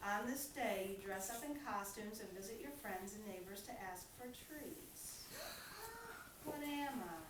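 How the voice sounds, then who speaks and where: A middle-aged woman reading a rhyming story aloud to a group of children, with a lively, rhythmic delivery and frequent questions to the kids. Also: mid-range voice, unhurried, a little hiss or hum. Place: room with children. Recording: echoey room, mic far off.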